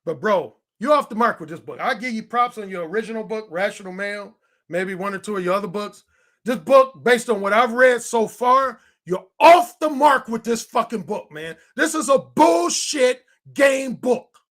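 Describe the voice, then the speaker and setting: High-pitched, swearing man in his fifties. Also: expressive, normal speed, a bit bright. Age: 50s. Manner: profane, emphatic, ranting. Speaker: dating coach. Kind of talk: heated monologue.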